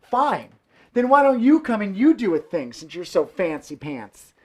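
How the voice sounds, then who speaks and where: A man's voice: sits high, big pitch swings, normal speed, darkish tone, slight background noise. A man hosting a live variety show from a room at home, joking through his fire tricks. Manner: jokey, playful, theatrical asides. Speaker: host and fire performer.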